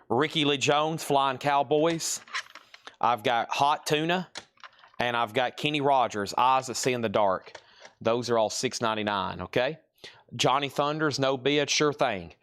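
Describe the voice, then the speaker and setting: Guy running a live vinyl sale, rattles off prices and names, dry sound, mid pitch. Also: fairly bright tone, dry recording. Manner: brisk, repeats prices and buyers' names. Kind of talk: live-stream sales patter.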